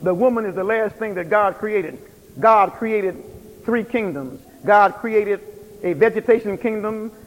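Guy preaching hard in a big echoey hall, repeats his lines, real high voice. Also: unhurried. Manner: emphatic rhythmic preaching with repeated phrases. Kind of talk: sermon. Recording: long hall reverb.

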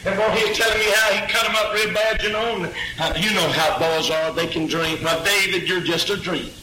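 A man preaching a lively Pentecostal sermon, exclaiming and telling a story. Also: high voice, fairly quick, echoey room, slight background noise, low-quality recording. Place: church.

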